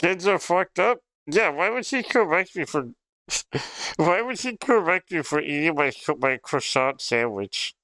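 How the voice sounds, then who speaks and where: A man's voice: fairly high pitch, sing-song, unhurried, sharp tone, no room sound. A young man livestreaming in casual chat, rambling and swearing with frequent laughs. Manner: rambling, profane, laughs often.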